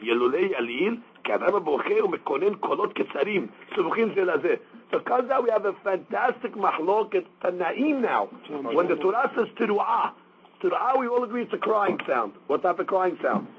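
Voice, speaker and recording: High-voiced man teaching Talmud. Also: animated, normal speed, slight background noise, poor audio. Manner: explains step by step, mixing Aramaic quotes with English. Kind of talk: daily Talmud class.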